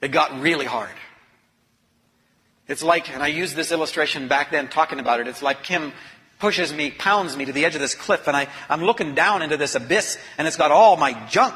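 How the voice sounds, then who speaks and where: A man, an author and speaker, telling a personal story in an earnest, confessional way that moves from hushed to intense. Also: a little high, moderate pace. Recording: long reverb of a large hall.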